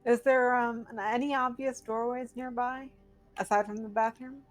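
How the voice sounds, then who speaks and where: A woman's voice: on the high side, steady tone, moderate pace, soft background music. A woman playing in a tabletop game, asking questions in a polite, curious way. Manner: inquisitive, polite. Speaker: player.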